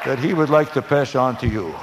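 Man doing a smarmy showman host, drawn-out, raised pitch. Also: noisy background, close to an everyday voice. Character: smarmy male TV variety show host.

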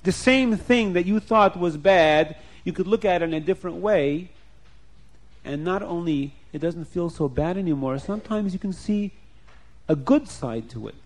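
A man plays a wise old rebbe in a children's story, speaking calmly and gently to comfort a grieving man. The voice sits fairly high for a man. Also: normal speed. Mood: consoling. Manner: gentle, consoling.

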